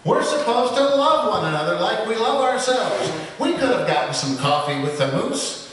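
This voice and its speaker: A man's voice: sits high, big pitch swings, moderate pace, a bit bright, slight background noise, voice pushed up. A man voicing a weary churchgoing woman who talks in a tired, pleading way. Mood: upset. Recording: echoey hall, distant mic.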